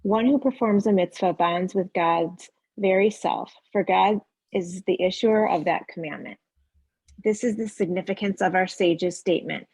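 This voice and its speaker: A woman reading a prepared text aloud in a measured, even way. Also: mid-range voice, slightly rough, no room sound, low-quality recording. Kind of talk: scripted narration reading a text.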